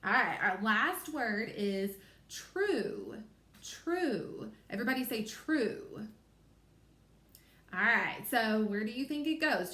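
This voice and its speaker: A first grade teacher with a Kentucky accent gives a reading lesson to young children, sounding out letters slowly and clearly. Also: female voice, a little high, a bit bright, roomy sound.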